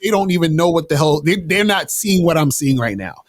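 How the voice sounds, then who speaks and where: A man's voice: fairly high pitch, animated, fairly quick, no room sound. A man telling dating stories in a laid-back, slangy way with many restarts, speaking as an interview guest. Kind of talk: casual interview talk.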